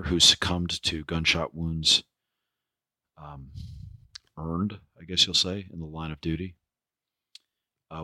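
A man hosting a podcast, speaking with a hoarse, ragged voice in a rambling way, full of fillers and restarts. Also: deep voice, pushed and bright, no echo. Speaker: podcast host. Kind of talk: spoken podcast intro.

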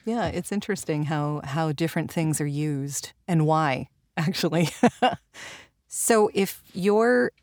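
A woman hosting a podcast, asking questions in a relaxed conversational way, with frequent laughs and hesitant fillers. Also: deep voice, takes it slowly, dry recording, clean studio sound. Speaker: podcast host. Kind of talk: conversational interview.

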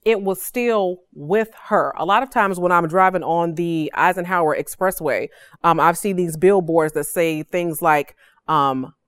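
A woman's voice: lowish voice, a little slow, no room sound. A woman in her forties hosting a podcast, teaching a devotional in a casual, emphatic way and often checking in with "okay?".

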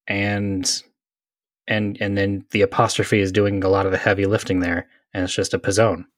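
A man's voice: lowish voice, flat delivery, normal speed, dry recording, clean studio sound. A man co-hosting a comedy podcast, rambling and self-mocking in casual chat. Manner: rambling, self-mocking, acts out angry customers. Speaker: podcast co-host.

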